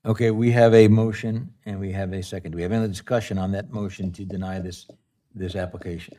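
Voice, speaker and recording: Brief: male board chair, low voice, procedural and genial. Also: fast talker. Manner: procedural, relaxed and friendly. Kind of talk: chairing a public meeting. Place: public meeting room.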